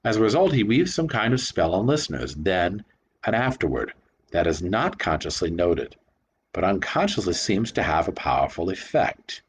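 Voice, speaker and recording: Male lecturer, low voice, very animated emphasis, slight background noise. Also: moderate pace. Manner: animated, emphatic, stresses single words. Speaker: commentator on rhetoric. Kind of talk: reflective spoken lecture.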